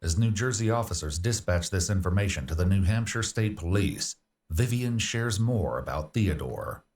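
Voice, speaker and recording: A man reads scripted true-crime narration, grave and measured. His voice is very low, and he sounds slightly distant from the mic. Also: animated, a little mellow. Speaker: documentary narrator.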